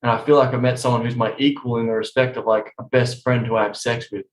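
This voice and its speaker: A man's voice: medium pitch, fairly even intonation, fast talker, echoey room. A man talking casually on a podcast, telling rambling stories full of swearing. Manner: profane, rambling storytelling.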